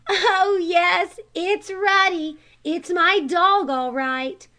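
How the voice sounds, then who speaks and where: A woman voicing a young boy in a storybook reading, roused from sleep to find his dog, speaking high and excited. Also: slow, exaggerated voice. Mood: overjoyed.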